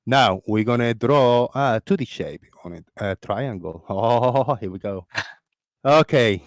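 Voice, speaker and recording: A man with a Floridian accent hosting a live call-in discussion, talking in an excitable, rambling way with many restarts. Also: on the low side, no room sound, studio quality. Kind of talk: casual live-stream chat.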